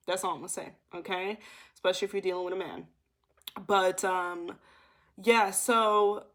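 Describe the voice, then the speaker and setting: A young woman reading cards for viewers, telling stories in a chatty, emphatic way with lots of asides to the audience. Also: mid-range voice. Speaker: intuitive card reader. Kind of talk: casual storytelling to viewers.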